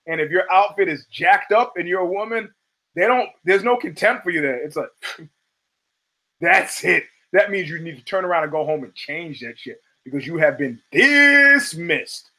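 A man hosting an American show tells casual, profanity-heavy stories, acting out the people he quotes with animated flair. His voice is high, his pace moderate, and the recording rough.

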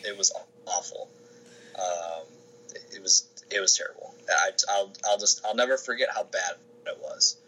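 A man's voice: sits low, moderate pace, sharp tone, slight background noise, poor audio. A man, a sports information director, answering interview questions in a casual, rambling way with many restarts and fillers.

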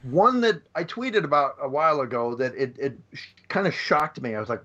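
Easygoing man, halting delivery, lo-fi. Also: fairly high pitch, big pitch swings, a bit bright. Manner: easygoing, halting, searching for words. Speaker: podcast guest. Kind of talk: casual film chat.

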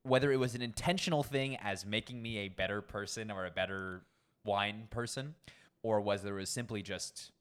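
A young man, a sommelier, telling work stories in a casual interview, animated and acting out the people he quotes. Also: fairly low pitch, moderate pace, smooth. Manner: animated, acts out quoted people, frequent swearing. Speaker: guest sommelier.

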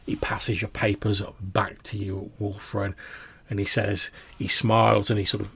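A man's voice: lowish voice, level tone, measured pace, creaky, fairly bright tone, slightly rough. A man narrating as game master in a tabletop game, with many hesitant restarts.

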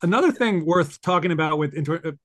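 A man's voice: a little high, expressive, quick pace, a bit bright. A man hosting a podcast, talking casually and rambling with lots of fillers and restarts. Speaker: podcast host. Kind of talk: casual conversational podcast chat.

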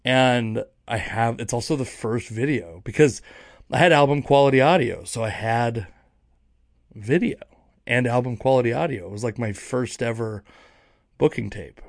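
A man's voice: mid-range voice, normal speed, gravelly, dry recording, studio quality. A young man, a stand-up comedian, telling road stories in a rambling, self-mocking monologue with many restarts. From Seattle area. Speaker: stand-up comedian, podcast host. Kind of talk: casual monologue.

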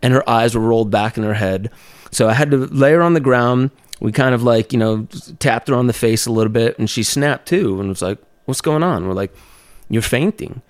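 A young man, a documentary maker on a speaking tour, tells a personal story as a podcast guest, with lively laughs and filler words. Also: mid-range voice, brisk, no echo. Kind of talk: casual storytelling in an interview.

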